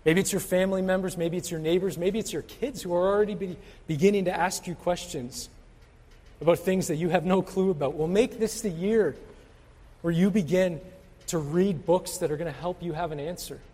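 A man's voice: sits high, a little fast, warm tone. A man preaching a sermon in an earnest, exhorting way, repeating his key points to the congregation. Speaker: pastor. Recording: reverberant hall.

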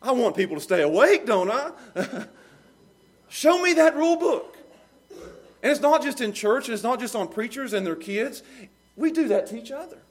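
A man preaching a sermon with animated delivery, swinging between loud emphasis and low, quiet passages, laughing often as he talks. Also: normal speed, breathy edge.

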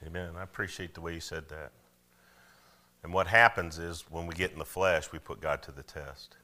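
Preacher guy, low voice but real bright, keeps asking okay?. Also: normal speed. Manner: conversational preaching, frequent "okay?" check-ins. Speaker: pastor. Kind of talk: sermon. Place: church.

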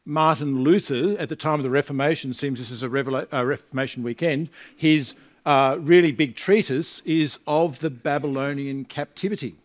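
A man's voice: a little high, normal speed. Conversational Australian-born male preacher. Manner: conversational, with rhetorical questions to the congregation. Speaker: visiting preacher. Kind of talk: sermon. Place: church congregation.

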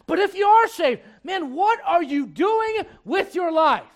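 A man preaching a sermon in a very high voice. He moves between brisk asides, playful imitations of his listeners and hushed, slow scripture readings. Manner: animated preaching, mimics congregants, drops low for scripture.

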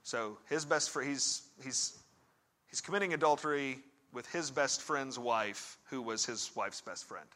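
During a sermon, a man who is both pastor and counselor narrates a story conversationally and puts pointed questions to the congregation, shifting from hushed to emphatic. He speaks a little slowly in a mid-range voice.

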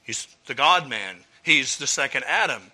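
Male preacher, bright forceful tone, earnest teacher, poses rhetorical questions. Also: mid-range voice, expressive, moderate pace. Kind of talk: expository sermon.

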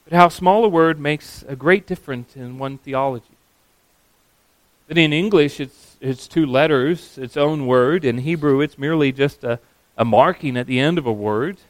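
A man with a mid-range voice preaches a sermon, earnest and emphatic, slowing down to stress key words. There's no room sound.

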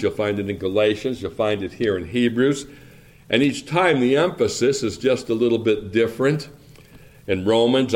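A man preaching a sermon, reading scripture aloud and then explaining it in a slow, measured, deliberate way. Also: lowish voice.

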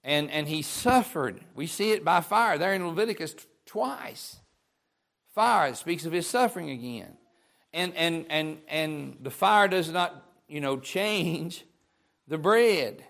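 A man's voice: fairly high pitch, lively intonation, a little slow, vocal fry, fairly bright tone. A man preaching an informal sermon in a folksy, conversational way, often repeating words as he restarts a thought.

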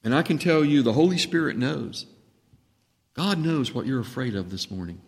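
A man preaching a sermon as pastor, impassioned, dropping to a hush and then rising to a booming voice. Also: very animated, normal speed. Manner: impassioned, swings between hushed and booming when voicing Jesus. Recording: reverberant hall.

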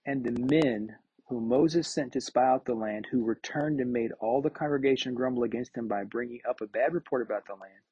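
A man's voice: mid-range voice, a little fast, mellow, slightly rough, no echo. A man teaching a Bible study verse by verse, reading scripture aloud and then commenting, often repeating words as he gathers his thoughts. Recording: dull, lo-fi recording.

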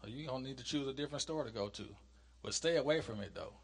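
A man of middle pitch teaching from scripture. He reads the verses in a slow, weighty cadence and then drops into relaxed, plain talk to explain them. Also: breathy edge, in a large hall. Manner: reads scripture slowly and emphatically, then talks casually. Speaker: preacher. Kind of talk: Bible study teaching.

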